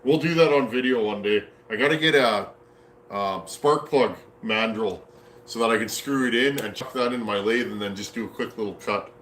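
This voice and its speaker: A man's voice: lowish voice, moderate pace, fairly bright tone. Canadian man, folksy rambling live-stream chat, roomy workshop echo, faint background hum. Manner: folksy, rambling, answers chat comments aloud. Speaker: chainsaw builder hosting a live stream. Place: home workshop.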